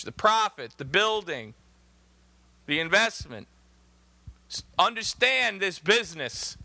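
Bright, high-voiced man preaching a sermon. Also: no room sound. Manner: emphatic, reads scripture in old-fashioned wording.

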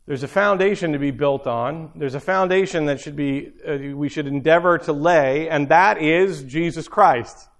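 A middle-aged man preaching an informal sermon, talking conversationally and repeating phrases for emphasis. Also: on the high side.

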